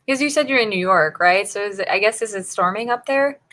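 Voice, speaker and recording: A woman from Northern Virginia, USA hosts a writing-sprint livestream, chatting casually with viewers and laughing often at the chat. She talks fast, with a medium pitch and a sharp tone.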